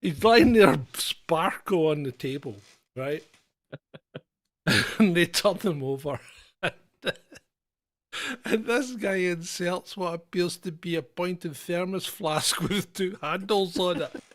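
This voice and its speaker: Comedy podcast co-host, male, slightly high voice, rambling storyteller who laughs through his lines. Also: slow, fairly bright tone. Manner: rambling storyteller, laughs often mid-sentence. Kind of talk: casual comedic chat.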